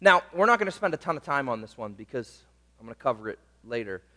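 A man's voice: medium pitch, very animated, quick pace, sharp tone, big-room sound. A man preaching a sermon, emphatic, drawing out key words and checking in with the congregation. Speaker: pastor.

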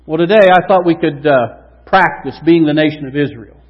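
A male pastor preaching a sermon in a church, animated, swinging from loud emphasis to hushed tones. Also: on the high side, moderate pace. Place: church sanctuary. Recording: dull lo-fi recording with long hall reverb.

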